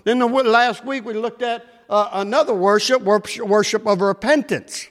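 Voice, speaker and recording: A man preaching a sermon, shouting at times and swinging between loud and soft. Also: normal speed. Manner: preaching with shouts and wide swings in pitch and loudness. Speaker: pastor. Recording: echoey hall.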